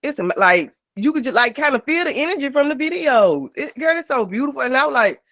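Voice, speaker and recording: A woman's voice: sits high, big pitch swings, fast, a bit bright, no echo. A woman co-host chatting casually, emotional and effusive, in a slangy way. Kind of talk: casual chat.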